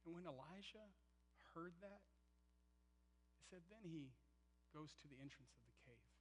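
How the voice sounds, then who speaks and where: Male pastor, fairly high voice, emphatic sermon delivery with loud and hushed swings. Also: expressive, measured pace, slight background noise, rough recording. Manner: emphatic, swings from loud to near-whispered, acts out quotes.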